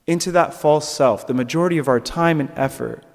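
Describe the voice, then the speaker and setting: A young preacher with a fairly high-pitched voice talks a little fast, and the audio has a big-room sound. His sermon reflection is conversational, with fillers and restarts, and animated during his stories.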